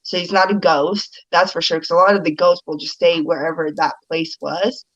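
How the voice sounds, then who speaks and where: A woman's voice: lowish voice, steady tone, moderate pace, a bit bright, no echo, highs cut off. A woman guest chatting casually on a video call, telling stories loosely and laughing often. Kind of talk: casual live-stream chat.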